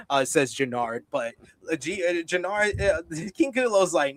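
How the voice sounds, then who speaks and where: A man co-hosting a TV review show, recapping an episode in a casual, animated way and acting out the characters' lines. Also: on the high side, moderate pace.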